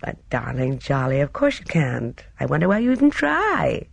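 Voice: mid-range voice, huge pitch swings, normal speed, no room sound, heavily acted. A reader voicing a sweet-voiced, affectionate elderly lady in an audiobook. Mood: fond, gently pleading. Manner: gentle, soft-spoken, breathy laughing lilt. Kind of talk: audiobook character reading.

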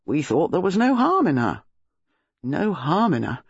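A man playing a charming, outspoken, rather boastful gentleman with a dry, blunt way of talking. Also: on the high side, huge pitch swings, unhurried, husky, no echo, heavily acted. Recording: dull lo-fi recording.

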